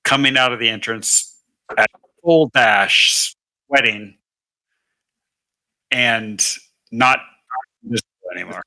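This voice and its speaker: Bright-voiced man running a tabletop game. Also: mid-range voice, slow pace, long pauses, low-quality recording. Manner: relaxed, explains rules step by step. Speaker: dungeon master.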